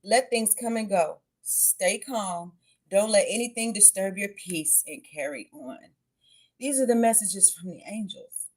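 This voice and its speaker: A woman's voice: medium pitch, a little slow, darkish tone. A woman giving a casual tarot and oracle card reading to her viewers, chatty and blunt, swearing freely and calling them babies and y'all.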